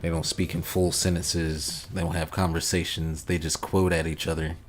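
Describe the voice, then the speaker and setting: A man's voice: low voice, level tone, normal speed. A man livestreaming a game, chatting casually with viewers, laid-back and rambling, often chuckling. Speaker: gaming livestreamer. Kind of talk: casual chat reading out viewer comments.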